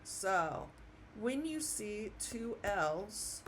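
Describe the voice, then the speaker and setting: A woman giving an online language lesson, slowly spelling out letters and repeating each sound patiently. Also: medium pitch, sing-song, noisy background. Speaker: Spanish teacher.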